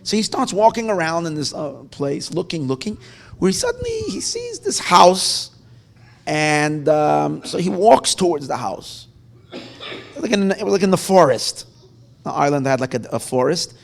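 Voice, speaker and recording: A man's voice: fairly high pitch, normal speed, gravelly. A man, a rabbi, telling a story at an informal evening gathering and acting out the characters' lines with feeling. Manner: animated, voices the story's characters. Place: gathering room with guitar nearby.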